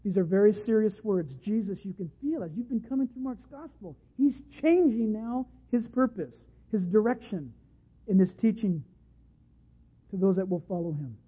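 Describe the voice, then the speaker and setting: A man's voice: sits high, normal speed, warm tone, husky. A man preaching a sermon with passion, now and then acting out quoted voices. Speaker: pastor. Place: church service. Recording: tinny phone-like sound.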